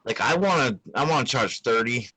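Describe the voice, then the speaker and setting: A young man hosts a podcast in loose, casual chat, swearing freely and laughing between stories. His voice sits at an ordinary middle pitch, recorded dry and close with no room sound. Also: expressive, a little fast, pushed and bright, slightly rough, no echo, low-quality recording. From Utah. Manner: laid-back, swears a lot, laughs often. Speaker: podcast host.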